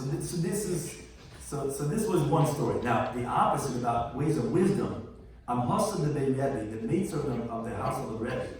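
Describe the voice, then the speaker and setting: A male rabbi with a medium-pitched, darkish voice teaches a Talmud class, chanting each Aramaic phrase line by line, then translating it plainly with small jokes. The distant mic picks him up in a very echoey room.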